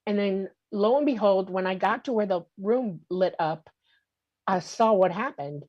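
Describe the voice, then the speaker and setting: Animated older woman telling her story. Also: mid-range voice, a little slow, no room sound, muffled recording. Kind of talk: casual storytelling interview.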